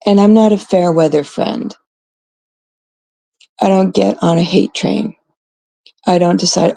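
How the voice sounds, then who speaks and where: A middle-aged woman from Canada hosting her own live stream, blunt and exasperated, swearing as she talks to her chat. Her voice is dark and gravelly. It sits in a dry, close sound. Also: fairly low pitch, fairly even intonation, a little slow, long pauses, no room sound. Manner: blunt, exasperated, swears freely, quotes others mockingly. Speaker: livestream host. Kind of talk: casual live-stream rant.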